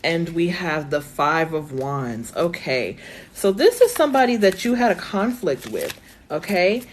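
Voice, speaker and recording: A woman giving a live-stream tarot reading from her phone, chatty and reassuring, thinking aloud with lots of fillers, her voice going hoarse. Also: lowish voice, sing-song, unhurried, a little hiss or hum. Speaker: tarot reader.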